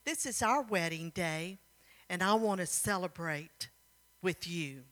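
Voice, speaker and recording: A gentle young king, put on by a woman preacher, speaks softly and reassuringly. The delivery is slow and bright, with a long echo of a church hall behind it. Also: lively intonation. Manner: gentle, soothing, low-key.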